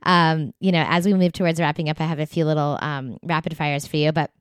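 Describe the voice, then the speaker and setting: A woman hosting a podcast interview, encouraging and affirming her guest, often pausing with "um" and "you know.". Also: deep voice, flat delivery, clear, resonant tone, no room sound, studio quality. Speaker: podcast host. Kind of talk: conversational interview.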